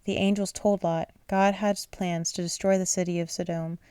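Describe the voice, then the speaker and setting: A woman's voice: fairly low pitch, little pitch movement, normal speed, warm tone, clear, resonant tone, no room sound, studio quality. A woman reading a children's bible aloud at bedtime, sleepy and yawning, often stumbling over words and apologizing. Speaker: reader.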